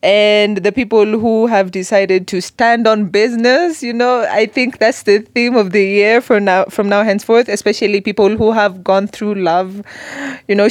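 A woman's voice: medium pitch, no echo, clean studio sound. A young woman vlogger chatting casually to her viewers, telling stories with lots of fillers and asides. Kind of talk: casual chat to camera.

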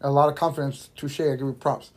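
A man hosting a podcast, telling a rambling, swear-filled story while high and laughing at his own jokes. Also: flat delivery, quick pace. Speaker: podcast host. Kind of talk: casual storytelling monologue.

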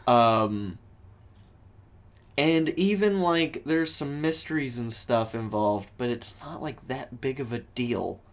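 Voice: medium pitch, animated, slow pace. A co-host in a casual movie review chat, rambling with lots of fillers. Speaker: podcast co-host.

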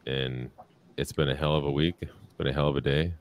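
A tired man co-hosting a casual podcast, cracking deadpan jokes. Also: rumbling low, fairly quick, dry recording. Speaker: podcast co-host.

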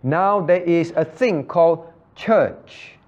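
Repetitive higher-voiced pastor teaching Bible class. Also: male voice, takes it slowly, darkish tone. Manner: repeats key phrases, quizzes listeners by name. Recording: muffled lo-fi recording.

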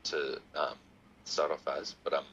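A man chatting as a podcast guest over a video call, animated and theatrical, laughing often. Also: very deep voice, unhurried, muffled recording, a little hiss or hum. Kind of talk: casual chat.

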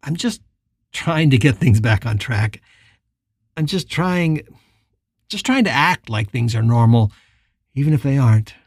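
Narrator voicing a grieving man, halting and strained. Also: medium pitch, expressive, gravelly, darkish tone, breathy edge, dry recording, clean studio sound, heavily acted. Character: grieving man putting on a brave face.

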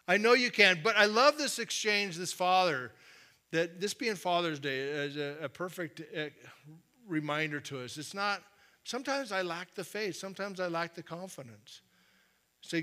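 A man preaching a sermon in a conversational way, dropping to a quiet, firm voice to make his points. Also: on the high side, big pitch swings, normal speed. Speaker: pastor.

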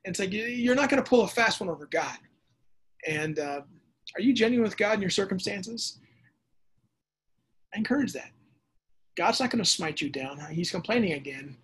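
A man preaching a sermon as pastor, lively and conversational, acting out voices and adding casual asides. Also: sits high, moderate pace, long pauses, slightly rough. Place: church or home setting during the pandemic.

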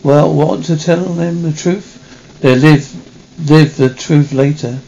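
Male voice-over reader for a dubbed film, fairly high and gravelly, stumbles and restarts lines. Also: steady tone, dark tone, lo-fi sound. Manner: halting reading with restarts. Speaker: single-voice film dub reader.

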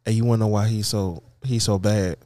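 A man's voice: fairly low pitch, steady tone, brisk, mellow. A man co-hosting a comedic podcast, teasing and joking in slangy banter. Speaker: podcast co-host.

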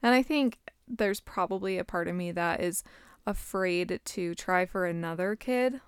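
A young adult woman in casual chat, speaking candidly and haltingly as she searches for her words. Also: lowish voice, smooth, no room sound, clean studio sound.

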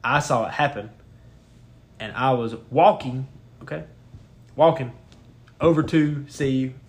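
A young co-host speaks slowly at medium pitch on a podcast. In casual chat, he tells a rambling, profane story and keeps laughing as he goes.

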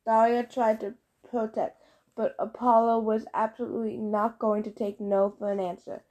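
A woman narrating a first-person audiobook, lively and expressive. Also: fairly high pitch, normal speed, dull audio.

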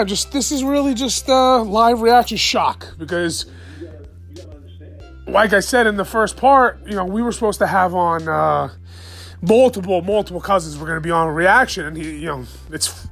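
A man hosting a solo sports fan podcast late at night, excited, profane and rambling as he rants. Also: high-pitched, unhurried, faint music behind. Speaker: podcast host.

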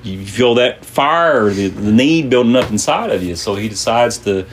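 A man's voice: medium pitch, expressive, normal speed, a little hiss or hum. A man hosting a podcast, chatting casually and rambling with many fillers and restarts. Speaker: podcast host. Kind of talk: casual joke-telling chat.

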